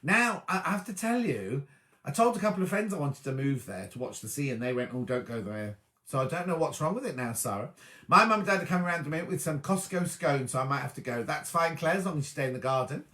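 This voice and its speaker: A man's voice: fairly high pitch, very animated, quick pace, sharp tone, reverberant. A man hosting a casual live-stream chat, reading out viewer comments in a rambling, self-correcting way. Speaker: host. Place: indoors at home.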